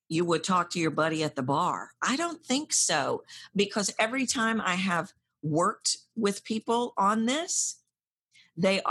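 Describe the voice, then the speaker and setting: A woman voice coach speaking directly to the listener, animated, acting out her clients' anxious inner voices. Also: mid-range voice, husky. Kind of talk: direct-address coaching talk.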